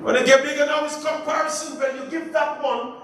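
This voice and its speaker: A pastor leading a Bible study, lively and joking, asking the congregation to finish his phrases. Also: extremely high pitch, fairly quick. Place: church. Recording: echoey church room, far from mic, faint hiss.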